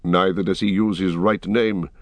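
A man voicing Aragorn, a weary male ranger captain, in an audiobook, speaking gravely and with measured weariness. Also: deep voice, fairly even intonation, no echo.

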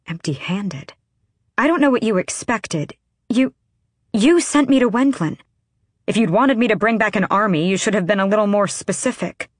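A woman voicing a defiant young queen who speaks in heated, forceful bursts. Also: on the low side, unhurried, breathy edge, no room sound, studio quality. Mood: indignant. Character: fiery young queen, sharp-tongued and defiant.

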